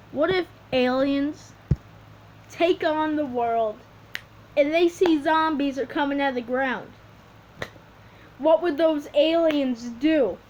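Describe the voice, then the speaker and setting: High-voiced woman rambling through a story. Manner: rambling and halting, with many restarts. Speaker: video creator. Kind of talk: improvised storytelling while drawing. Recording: dull lo-fi recording with faint hiss.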